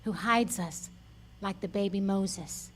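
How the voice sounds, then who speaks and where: A woman leading a church service, gently reading a solemn prayer and introducing the next speaker. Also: medium pitch, takes it slowly, slight background noise. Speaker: service leader.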